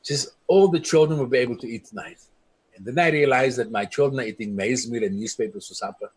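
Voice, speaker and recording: A middle-aged South African man, a community leader, delivers an impassioned speech in a slightly high, somewhat rough voice. He tells stories earnestly and quotes the people he met along the way.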